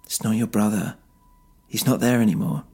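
A man's voice: lowish voice, steady tone, normal speed, a little mellow, slightly rough. A man voicing an urgent, pleading young woman.

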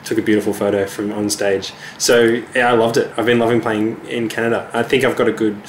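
A man's voice: on the low side, flat delivery, a little fast, slight background noise. A man with an Australian accent, a touring musician who answers interview questions in an easygoing, modest way. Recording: roomy echo with faint ambience.

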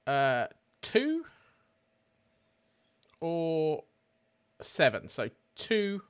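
A man's voice: on the high side, wildly swooping pitch, drawn-out words, smooth. A man playing a tabletop game, bantering loosely with a lot of swearing. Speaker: player. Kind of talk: casual tabletop game chat.

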